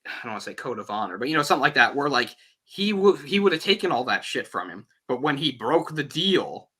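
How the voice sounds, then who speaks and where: Podcast host, male, very bright edgy tone, lively and conversational. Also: medium pitch, fast, breathy edge. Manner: animated, acts out quoted lines. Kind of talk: casual film discussion.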